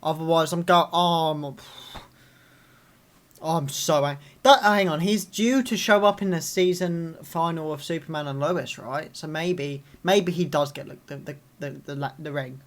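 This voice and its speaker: A young man hosting a live reaction video, ranting angrily and swearing, with sudden loud outbursts. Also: a little high, measured pace.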